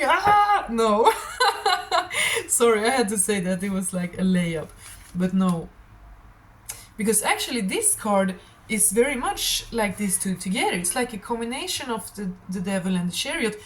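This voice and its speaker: A woman's voice: mid-range voice, a little hiss or hum, poor audio. A woman giving a channeled tarot reading to her viewers, nervous and shaking, blunt and emotional, calling listeners darling. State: shaky and nervous. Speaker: tarot reader.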